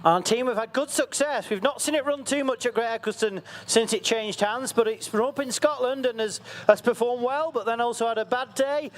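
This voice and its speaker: A man giving excitable, jokey live commentary at an outdoor event. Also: very high voice, brisk, hardly any pauses. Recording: faint outdoor background noise.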